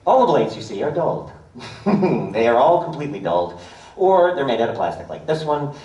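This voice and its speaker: A man running a live stage show, joking and ad-libbing at the crowd in a lively, bouncing voice. He is heard from the seats through a camera, far from the stage. The theater's echo fills every line. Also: medium pitch, fairly quick, muffled recording. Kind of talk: live comedic stage demonstration. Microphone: audience camera from afar. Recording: echoey theater recorded from the audience.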